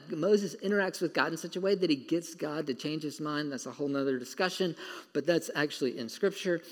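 A man preaching a sermon, his voice a little higher than most men's, and he tells the story in a lively, casual way. His voice rings out with a long reverb, as if in a big hall. He laughs now and then and puts on voices for the people in the story. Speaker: pastor.

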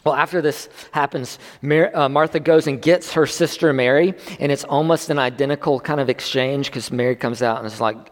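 A man's voice: mid-range voice, fairly even intonation, a little fast, few pauses. A man preaching a sermon at a church service in a loose, conversational way, often restarting and swelling in emphasis. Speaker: pastor. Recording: long hall reverb.

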